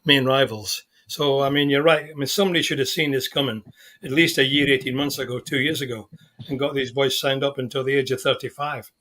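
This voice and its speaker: A man on a fan show agreeing emphatically and building on another speaker's point. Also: mid-range voice. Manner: emphatic agreement, quick and animated. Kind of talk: casual live fan-show chat.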